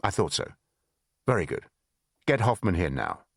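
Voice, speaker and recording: A man's voice: sits low, sing-song, normal speed, fairly bright tone, no room sound, clean studio sound, exaggerated voice. A man voicing a stern senior Soviet intelligence officer who gives curt commands. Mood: commanding.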